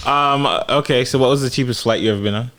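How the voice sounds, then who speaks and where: A man's voice: medium pitch, background noise. A man co-hosting a podcast in casual chat, blunt and joking as he tells stories. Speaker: podcast co-host.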